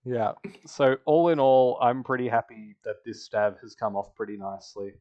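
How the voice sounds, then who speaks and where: A man's voice: medium pitch, moderate pace, a little mellow. Man, casual game recap chat, laughs a lot, slightly muffled lo-fi audio. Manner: chatty, laughs often, acts out quoted players. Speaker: podcast host.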